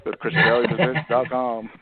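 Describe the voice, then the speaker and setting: A man chatting as a comedian guest, animated and laughing often, often trailing off and restarting mid-sentence. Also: medium pitch, moderate pace, very noisy. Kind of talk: casual phone interview chat. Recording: tinny phone line.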